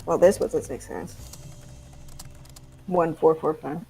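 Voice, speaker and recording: A young woman narrating as game master of a tabletop game, halting with ums and breaking into laughs. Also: low-pitched, fairly even intonation, creaky, darkish tone, a little hiss or hum.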